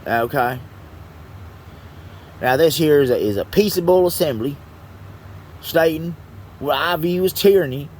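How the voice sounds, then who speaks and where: A man's voice: fairly high pitch, lively intonation, measured pace, long pauses, a little mellow, slight background noise. Angry, swearing man ranting. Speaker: vlogger. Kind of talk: angry profane rant.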